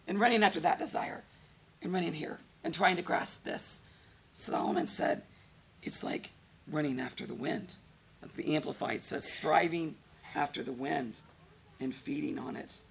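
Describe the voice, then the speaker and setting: A woman delivers a sermon in a fairly low, heavily gravelly and creaky voice. Her tone with the congregation is conversational, and she keeps putting questions to them as she preaches.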